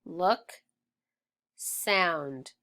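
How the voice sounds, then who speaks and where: Slow, patient woman teaching phonics. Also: on the low side, sharp tone. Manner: patient, encouraging, stretches sounds out. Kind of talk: slow, clear phonics drill.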